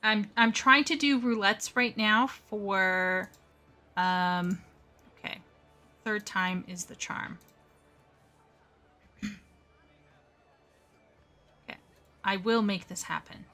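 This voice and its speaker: Woman streaming a game, flustered, chats with viewers, slow easy pace. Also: mid-range voice, fairly even intonation, bright, forceful tone, soft background music. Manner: chatty, flustered, talks to chat while playing. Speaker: live streamer. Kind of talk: casual gaming livestream chat.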